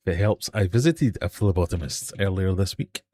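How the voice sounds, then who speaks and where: A man's voice: sits low, expressive, fairly quick, warm tone, slight background noise. A man hosting a live online quiz from his home fish room, reading out questions and poking fun at himself. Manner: jokey, self-mocking quizmaster. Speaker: livestream quiz host.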